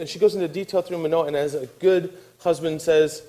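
A man preaching a sermon, telling a Bible story with lively, animated delivery and acting out the characters' voices. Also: a little high, brisk, low-quality recording. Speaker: pastor.

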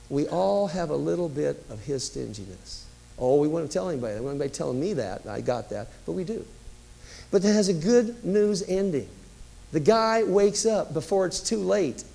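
A man's voice: on the high side, vocal fry, mellow, slight background noise, rough recording. A man preaching a sermon as pastor, telling stories in a conversational way with emphatic rises.

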